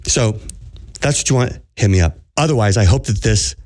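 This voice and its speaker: A man's voice: fairly low pitch, expressive, normal speed, a little mellow, no echo, clean studio sound. A man hosting a podcast as a spiritual coach, preaching to listeners in an earnest, urgent way and repeating phrases for emphasis.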